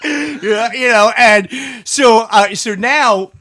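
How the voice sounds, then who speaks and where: A man's voice: very high voice, slow pace, heavy background noise. A man, a podcast host, telling a profane story in casual chat, laughing often as he talks. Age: adult parent.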